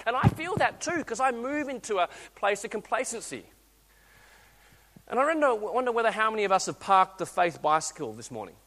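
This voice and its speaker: A man in his thirties preaches a sermon in a high, bright voice. He tells stories animatedly, acting out voices and restarting his sentences. The sound carries the long reverb of a church hall. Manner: animated storytelling, acts out voices, restarts often.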